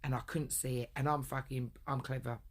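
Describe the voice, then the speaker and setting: A woman's voice: extremely low pitch, little pitch movement, a little fast, heavy background noise. A woman telling a long personal story in a rambling, blunt way, swearing often. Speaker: vlogger. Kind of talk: casual storytelling rant.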